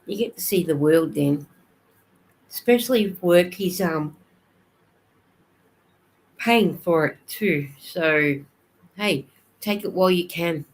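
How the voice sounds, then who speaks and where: A woman's voice: fairly low pitch, takes it slowly, pauses often, breathy edge, poor audio. An Australian woman chatting casually on a live stream, reading viewers' comments aloud and answering them as she goes.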